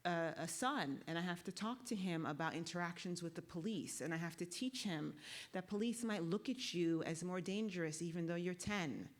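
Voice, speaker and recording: A woman's voice: on the low side, moderate pace. A woman law professor speaking on a conference panel, lecturing in a conversational way and often checking in with tag questions. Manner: walks the audience through a guided exercise.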